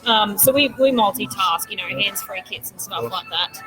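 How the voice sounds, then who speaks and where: A woman's voice: medium pitch, moderate pace, over music, rough recording. A woman, a podcast guest chatting casually and telling stories with many ums. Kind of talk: casual chat.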